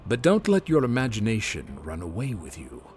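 A man's voice: on the low side, huge pitch swings, a little fast, a little mellow. A man reading aloud, voicing a vain, cunning old male dragon who speaks in a sneering way. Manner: sneering, scoffing.

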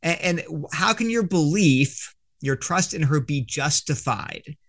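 Man putting on a scoffing skeptic in a crowd, voice pushed up high. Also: lively intonation, slow pace, fairly bright tone, heavily acted. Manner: mocking, incredulous questions. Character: scoffing, disbelieving bystander in a crowd.

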